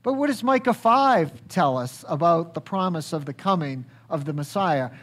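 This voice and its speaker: A man preaching a sermon, asking the congregation questions and acting out quoted speech, swinging high and dropping low for emphasis. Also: animated, moderate pace. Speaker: pastor.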